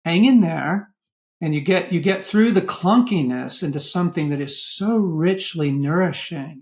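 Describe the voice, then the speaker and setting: A middle-aged man speaking as a guest in a podcast interview, earnest and animated. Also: a little high, normal speed. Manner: earnest, animated when quoting inner voices. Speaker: guest author.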